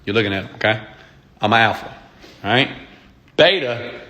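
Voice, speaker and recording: A man's voice: lowish voice, animated, normal speed, bright, forceful tone. A man who is an entrepreneur and mentor, lecturing his viewers bluntly and emphatically, swearing and checking in with "okay?". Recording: echoey room.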